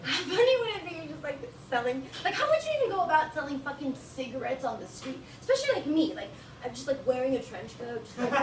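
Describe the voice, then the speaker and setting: A high, lively woman's voice, a young comedian from Bolivia rambling through a crude stand-up set and giggling at her own jokes. She is heard from a distance in an echoey small venue, with steady noise behind her. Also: fast, hardly any pauses. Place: small venue with live audience. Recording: roomy, distant live room recording with noise.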